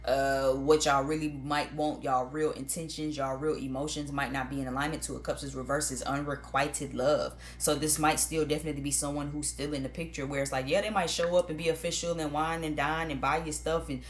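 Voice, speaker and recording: Woman reading tarot, low voice, blunt and profane, chatty, faint noise behind. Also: level tone, a little fast, hardly any pauses. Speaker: tarot reader. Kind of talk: casual tarot reading to viewers.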